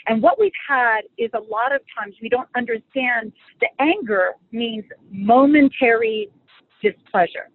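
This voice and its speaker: A middle-aged woman speaking as a guest on marriage and faith, teaching in a conversational, animated and humorous way. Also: on the high side, unhurried. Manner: animated and humorous, acts out quoted lines. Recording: phone-like dry audio.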